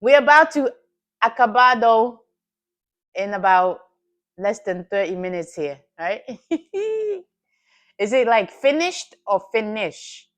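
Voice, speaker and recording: A woman's voice: fairly high pitch, sing-song, takes it slowly, long pauses. A woman hosting a live trading stream, chatting casually with her chat, teasing and laughing often.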